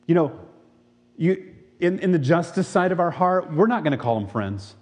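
Male pastor with a slightly high voice, preaching a sermon in an echoing hall and pressing listeners with questions. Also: lively intonation, moderate pace, a little mellow. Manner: reads scripture, then preaches with rhetorical questions.

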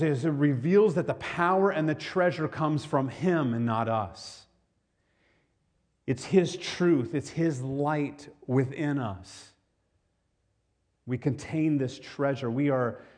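A man preaching a sermon in a mid-pitched, ordinary voice. He talks to the congregation in a relaxed, conversational way. He often restarts phrases and asks the listeners questions. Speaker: pastor.

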